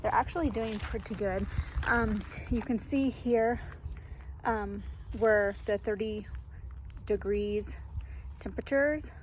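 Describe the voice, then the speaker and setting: A woman's voice: medium pitch, takes it slowly, pauses often, slight background noise. A woman vlogging casually as she tours her garden, chatty and laughing often, with many ums. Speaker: homestead vlogger. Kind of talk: casual garden tour vlog. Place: outdoor garden.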